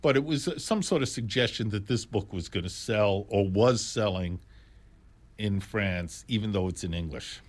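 A man in his sixties or older telling stories in a casual, animated, digressive way, full of exclamations and asides. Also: lowish voice, normal speed. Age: 60s or older. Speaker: jazz storyteller. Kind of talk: casual storytelling monologue.

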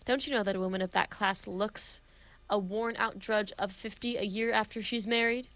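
A woman's voice: mid-range voice, steady tone, normal speed, fairly bright tone, natural voice, low-quality recording. A woman reading the part of a domineering male professor in an amateur play reading, brusque and theatrical. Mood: imperious.

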